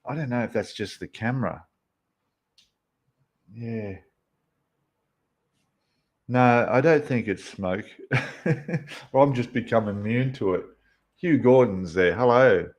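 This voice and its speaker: A man's voice: mid-range voice, takes it slowly, pauses often. A man hosting a casual livestream, greeting viewers by name as he reads the chat, with frequent ums and restarts. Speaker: livestream host.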